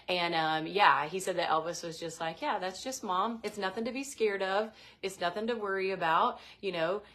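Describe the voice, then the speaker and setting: A woman's voice: fairly low pitch, a bit bright. A woman co-hosting a casual chat, retelling a spooky story with many fillers. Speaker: co-host.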